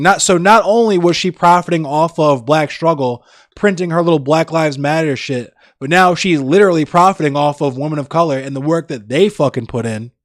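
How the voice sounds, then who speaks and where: A man's voice: fairly high pitch, no room sound, clean studio sound. A young American man chatting casually with live-stream viewers in a blunt, rambling, heavily profane way. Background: faint music.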